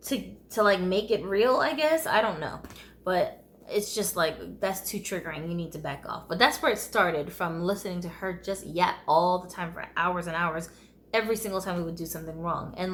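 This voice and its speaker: Woman vlogger, mid-pitched, casual storytime delivery, candid, wry laughs. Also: fairly bright tone, a little hiss or hum. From United States. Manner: candid, conversational, often laughing wryly. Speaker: vlogger telling her life story.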